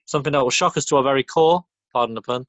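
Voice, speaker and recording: A man co-hosting a podcast in casual chat, with a dry, deadpan manner. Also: mid-range voice, racing, no echo, muffled recording. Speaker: podcast co-host.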